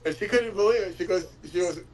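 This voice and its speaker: A man hosting a casual chat, talking in a rambling, warm-hearted way with frequent chuckles. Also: sits high, fast, slight background noise, poor audio. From Florida. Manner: rambling, chuckles often, fillers. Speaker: host.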